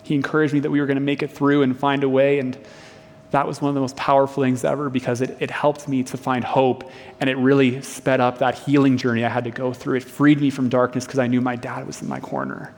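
A man's voice: mid-range voice, flat delivery, fast. A young man preaching a sermon in a church, telling a personal story in an earnest, conversational way. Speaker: pastor. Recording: long reverb of a hall.

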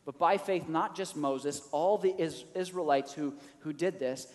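Male pastor, higher register, animated sermon delivery in a reverberant hall. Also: measured pace. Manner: animated preaching, acts out quoted lines with rising pitch.

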